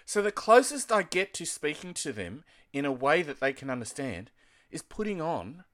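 A man with an Australian accent hosts a conversational interview, his voice bright and forward. He tells long, winding anecdotes that often restart mid-thought. His talk is scattered with "you know"s. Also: on the high side, very animated, normal speed. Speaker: interviewer hosting an author.

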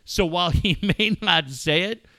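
A man's voice: high-pitched, a little slow, no echo, clean studio sound. A middle-aged man in casual chat, telling family stories with lots of swearing and acted-out quotes. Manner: animated storyteller, acts out quotes, swears freely. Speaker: co-host.

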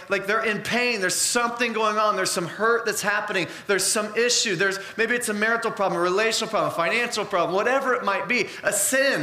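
A man's voice: high-pitched, bright, forceful tone, reverberant. A man preaching a sermon in an earnest, conversational way, mixing in personal stories.

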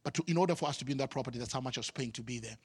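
A man from Zimbabwe preaching a sermon as a pastor, animated, swinging from loud exclamations to quiet asides. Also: medium pitch, very fast, breathy edge, long reverb tail.

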